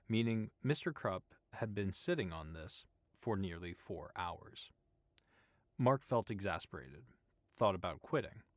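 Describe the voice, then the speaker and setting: A man narrating an audiobook in a steady, even storytelling manner. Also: deep voice, no echo.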